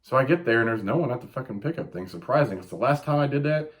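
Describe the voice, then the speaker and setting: Profane, animated man in his late thirties. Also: medium pitch, fast talker. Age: 30s. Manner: profane, animated storytelling with yelped quotes. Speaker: podcast host. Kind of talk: casual chat.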